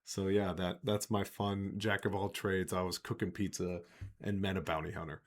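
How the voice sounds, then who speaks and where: A man's voice: low voice, flat delivery, moderate pace. A man hosting a podcast, telling a long story casually and laughing often. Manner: laughing often, rambling with fillers. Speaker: podcast host.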